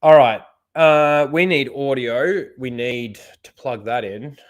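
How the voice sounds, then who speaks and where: A man's voice: mid-range voice, slow. A man hosting a casual livestream, swearing freely and chuckling often. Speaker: livestream host.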